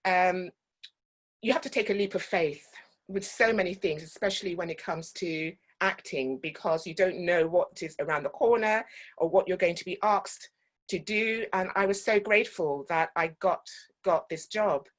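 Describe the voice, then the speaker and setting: A woman's voice: on the low side, normal speed. A woman from Guyana, an actor giving a talk and telling personal stories with frequent ums.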